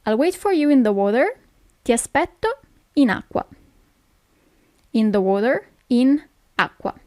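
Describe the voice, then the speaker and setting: A woman's voice: a little high, very animated, measured pace, darkish tone, dry recording, clean studio sound. A woman from Italy with an Italian accent, teaching a language lesson, who explains things patiently and keeps checking in with "okay?".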